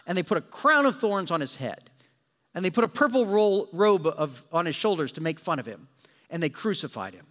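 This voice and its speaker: A male pastor preaching in a church with a high voice that swings up and down. He tells the story dramatically and drops in jokes. The sound carries a long hall reverb. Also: brisk. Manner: animated, dramatic storytelling with joking asides. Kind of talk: sermon.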